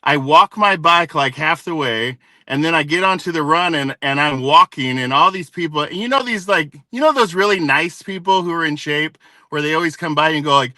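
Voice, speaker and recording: A man's voice: fairly high pitch, animated, normal speed, pushed and bright, no echo. A man hosting a casual live panel chat, telling stories and teasing his guests. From Tonga. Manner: joking, storytelling, says dude often. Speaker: host.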